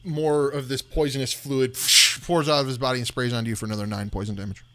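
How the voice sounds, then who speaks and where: A man's voice: mid-range voice, fairly even intonation, no echo. A man running a tabletop game as dungeon master, narrating combat and often correcting himself. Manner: apologetic, self-correcting, quick rules talk.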